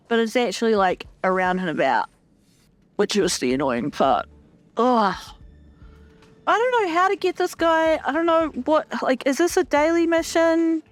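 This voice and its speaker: A young woman hosting a gaming channel gives casual let's-play commentary, chatty and profane with a self-mocking streak. Her fairly high voice has lively intonation at a measured pace with long pauses, over soft background music.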